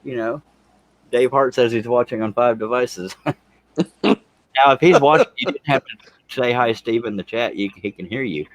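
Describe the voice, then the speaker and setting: A man's voice: medium pitch, moderate pace, long pauses, dry recording. A man hosting a casual livestream panel chat, reading viewer comments and joking about himself with frequent laughter. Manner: joking, laughs often, self-deprecating.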